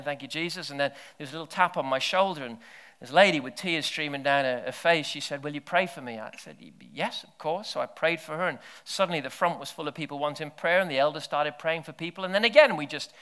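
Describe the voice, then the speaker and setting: A man preaching a sermon full of stories. He drops to near-whispers and then breaks into loud shouted bursts. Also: on the high side. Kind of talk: sermon with storytelling.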